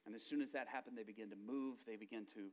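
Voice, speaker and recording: A man's voice: on the low side, fairly even intonation, fast talker. A middle-aged man preaching, telling a personal testimony in an earnest, conversational way that circles back on itself. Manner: earnest, conversational, with self-repeats. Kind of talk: sermon testimony storytelling.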